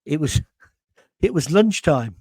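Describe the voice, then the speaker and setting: Chatty older storyteller. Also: male voice, a little high, big pitch swings, slow pace, a little mellow, husky, no echo. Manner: chatty and anecdotal, often asks "right?". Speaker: host. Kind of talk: casual storytelling on a live show.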